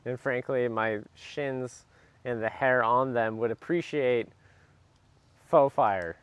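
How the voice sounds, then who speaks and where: A man's voice: medium pitch, slow, clean tone, no room sound. A man joining a casual chat as co-host, making dry, joking asides.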